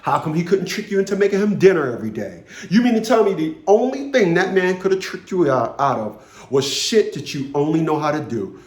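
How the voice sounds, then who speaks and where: Brief: man, fifties, vlog rant, forceful and repetitive, slightly high voice, roomy echo. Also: sing-song, a little fast. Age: 50s. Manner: blunt, profane, commanding, repeats phrases for emphasis. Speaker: vlogger. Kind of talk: storytelling rant to camera.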